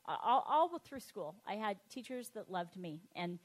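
A woman sharing a personal testimony in a conversational, halting way, with fillers and restarts, dropping to a soft, quiet voice at tender moments. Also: medium pitch, big pitch swings.

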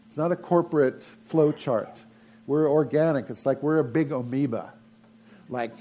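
Mellow-voiced pastor preaching conversationally. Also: male voice, medium pitch, measured pace, long pauses. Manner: folksy, conversational preaching with frequent restarts. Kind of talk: sermon.

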